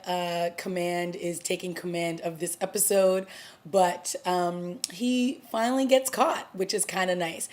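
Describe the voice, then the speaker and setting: A woman vlogger casually recapping a TV episode, chatty and animated, acting out the characters' lines as she goes. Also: mid-range voice. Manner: chatty, animated retelling with acted-out quotes. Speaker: TV review vlogger.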